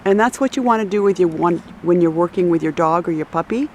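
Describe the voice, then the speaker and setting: A woman's voice: on the low side, quick pace, darkish tone, slight background noise. A woman dog breeder narrating a casual outdoor video beside a pond, chatty and coaxing as she calls to the dogs.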